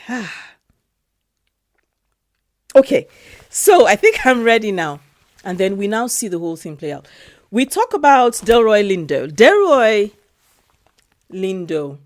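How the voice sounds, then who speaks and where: A woman talking casually and emotionally about a film she loves, slowly repeating her phrases. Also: on the low side, no echo. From Europe. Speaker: film review vlogger. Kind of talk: casual film review vlog.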